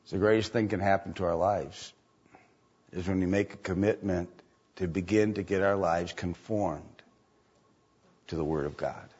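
A man's voice: deep voice, steady tone, moderate pace, pauses often, darkish tone, husky. A man preaching as a pastor, repeating lines and asking the congregation rhetorical questions, on a dull lo-fi recording. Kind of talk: sermon.

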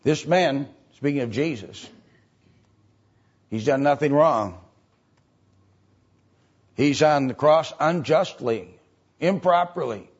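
A man preaching a sermon, explaining step by step in a halting way full of filler sounds. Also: on the high side, expressive, husky, dull audio.

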